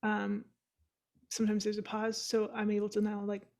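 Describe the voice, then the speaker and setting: A woman hosting a casual podcast chat over a video call, chatty, encouraging and quick to laugh. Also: medium pitch, monotone, gravelly, darkish tone. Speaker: podcast host.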